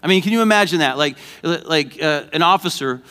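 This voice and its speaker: A man's voice: fairly high pitch, animated, a little fast, pushed and bright, smooth. A man preaching a sermon as pastor, conversational and joking, then rising to emphatic points.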